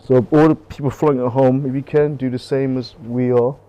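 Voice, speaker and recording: A man leading a qigong class, calmly coaching breathing and movement with gentle repetition, on a close mic while he moves. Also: mid-range voice, a little fast, clean tone, muffled recording. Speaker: qigong instructor. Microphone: close clip-on mic while moving.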